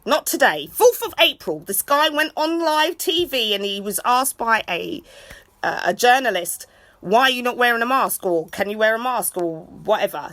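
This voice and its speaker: A woman in a rambling live video chat. She rants and shouts out to friends in an excitable way. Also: on the high side, gravelly, no echo. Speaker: vlogger.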